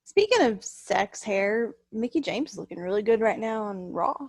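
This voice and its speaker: Breathy lively woman co-host. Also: medium pitch, normal speed, no room sound. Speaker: podcast co-host. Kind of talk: casual wrestling podcast chat.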